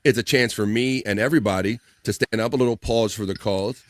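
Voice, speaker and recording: A man's voice: fairly low pitch, brisk, no room sound. Chatty man hosting a live stream. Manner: chatty, reads viewer check-ins aloud. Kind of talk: casual radio-style hosting.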